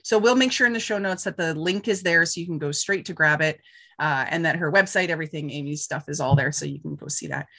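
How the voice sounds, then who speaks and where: Affirming woman podcast host, lowish voice. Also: fast, bright, forceful tone. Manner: affirming, many short agreements. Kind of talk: podcast interview.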